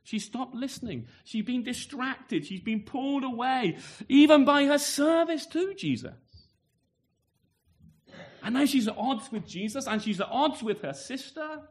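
A man's voice: very high voice, animated, measured pace. A man preaching a sermon in a conversational way, asking tag questions and acting out the scene. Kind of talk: expository sermon.

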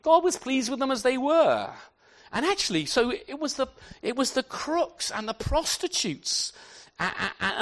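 A man preaching a sermon to his congregation, animated and often repeating words as he restarts his sentences. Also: high voice. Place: church.

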